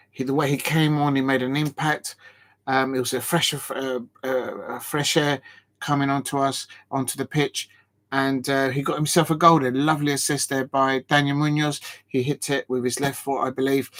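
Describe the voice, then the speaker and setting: A man chatting on a live football watch-along stream. He rambles, laughs, and sounds tired and short of breath. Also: medium pitch. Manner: chatty and rambling, laughing between tries at headers.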